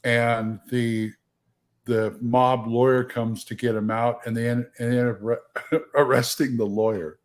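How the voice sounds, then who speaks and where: A man's voice: mid-range voice, little pitch movement, a little slow. Rambling male livestream co-host. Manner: rambling storyteller, many restarts. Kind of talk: casual chat.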